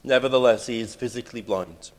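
Guy preaching a sermon, emphatic, goes loud then real quiet. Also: mid-range voice, fast talker. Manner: emphatic preaching, swinging between loud declarations and hushed lines.

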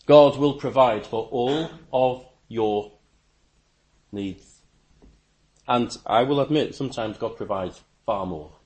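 A man preaching a sermon, emphatic, with stammering restarts and sudden rises in pitch and volume. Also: takes it slowly, pauses often, a little mellow.

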